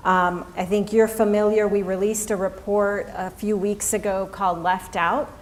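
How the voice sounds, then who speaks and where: Middle-aged female moderator, deliberate and earnest, light background hiss. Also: mid-range voice, level tone. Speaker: forum moderator. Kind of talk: moderating a public forum.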